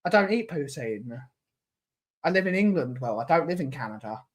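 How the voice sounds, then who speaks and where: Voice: medium pitch, very animated, moderate pace. A host in a casual live-stream chat, ranting emphatically with strong opinions.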